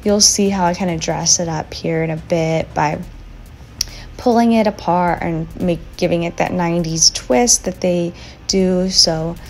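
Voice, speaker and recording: A young woman talking through a makeup tutorial in a chatty, relaxed, slightly slow and sleepy voiceover recorded as a voice memo. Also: on the low side, creaky, slight background noise. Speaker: beauty vlogger.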